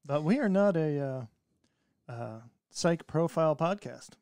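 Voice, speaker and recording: A man's voice: fairly high pitch, animated, a little slow, a little mellow, no echo. A man co-hosting a casual podcast, talking in an easygoing, reflective way with jokes. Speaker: podcast co-host. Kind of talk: casual chat.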